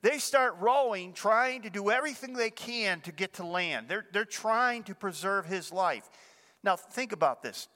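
An older man preaches to his congregation in a relaxed, chatty way, often asking them questions. His voice sits a little high and rings brightly. A long reverb from the church sanctuary hangs after his words. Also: measured pace. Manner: conversational, asks the congregation questions. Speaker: pastor. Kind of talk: sermon.

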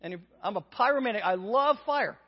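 Brisk and expressive, this man's high voice has a breathy edge as he preaches a sermon. The Indiana preacher acts out characters in a comic personal anecdote, poking fun at himself, on a dull lo-fi recording in an echoing hall.

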